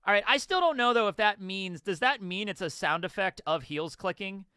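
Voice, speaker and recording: A man hosting a live chapter reaction, rambling and correcting himself, now and then jumping into quick character voices. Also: high voice, bright, forceful tone, clear, resonant tone, no room sound, clean studio sound. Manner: rambling, self-correcting, bursts into acted character lines. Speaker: reaction channel host.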